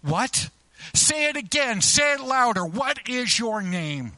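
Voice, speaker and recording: A stern ancient general, commanding and intense, barks his questions at a soldier he has caught asleep, as a preacher puts him on. The voice rides up and comes out louder when he demands an answer, sharp and bright in tone. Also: high voice, normal speed, dry recording. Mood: stern demanding.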